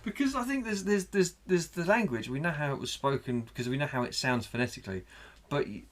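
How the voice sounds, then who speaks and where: Playful man, lively pitch. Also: fast. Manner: playful, bursts into silly put-on voices. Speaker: podcast co-host. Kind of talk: casual comedic chat.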